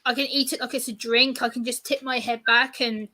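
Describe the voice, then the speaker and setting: A woman in her thirties, a guest in a casual interview, telling stories in an animated way and acting out exchanges. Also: a little high, fairly quick. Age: 30s. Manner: animated storyteller, acts out exchanges.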